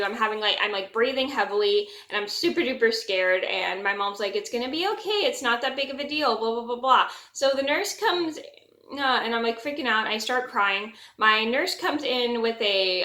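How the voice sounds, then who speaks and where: A woman's voice: a little high, pushed and bright. A young woman telling a personal story in a chatty vlog, with many fillers and restarts. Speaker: vlogger. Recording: echoey room.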